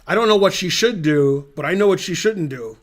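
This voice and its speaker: A middle-aged man with a slightly higher-than-usual voice commentates a chess game in a loose, offhand, conversational way. He's animated and a little fast, drifting into long, dry, rambling digressions.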